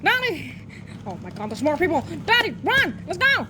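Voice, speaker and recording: A woman in a puppet comedy skit, shouting frantic, shrieky exclamations, with noise in the recording. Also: very high voice, big pitch swings, moderate pace. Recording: noisy background hiss.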